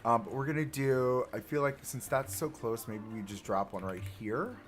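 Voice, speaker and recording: Still building on his live stream, the young man keeps up a chatty commentary to himself and his audience. His pitch is medium, his speed normal, with faint music behind him.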